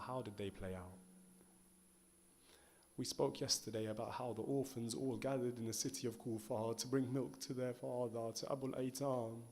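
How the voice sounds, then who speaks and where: A man's voice: medium pitch, a little mellow. A man giving a mournful sermon recitation, telling the story in emotive, rhythmic phrases that repeat. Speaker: religious speaker.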